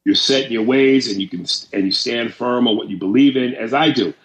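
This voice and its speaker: A man's voice: mid-range voice, brisk, muffled recording. A man hosting a casual podcast, reading listener messages aloud and joking crudely with plenty of swearing. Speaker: podcast host. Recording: roomy echo.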